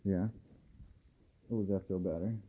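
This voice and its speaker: A man, a dog trainer, filming a casual vlog at home at night and softly murmuring to calm his dogs between remarks to the camera. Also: sits low, normal speed. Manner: soft, soothing murmurs to the dogs. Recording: tinny phone-like audio, faint hiss.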